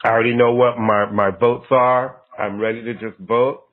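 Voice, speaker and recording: A man's voice: mid-range voice, fairly even intonation, moderate pace. A man co-hosting a podcast in casual chat, blunt and fed up, swearing casually. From United States. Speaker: podcast co-host. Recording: tinny phone-like line.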